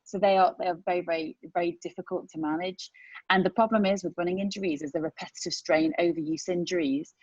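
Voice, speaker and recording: Emphatic low-voiced woman on a podcast. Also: fast talker, slightly rough, no echo. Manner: animated, emphatic storytelling. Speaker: medical professional guest. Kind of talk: casual podcast chat. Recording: dull dry podcast audio.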